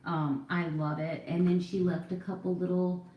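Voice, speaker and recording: A chatty vlogger in her forties rambles self-deprecatingly while doing her makeup at home. Her lowish voice has a level tone and a moderate pace. The lo-fi recording sits in an echoey room.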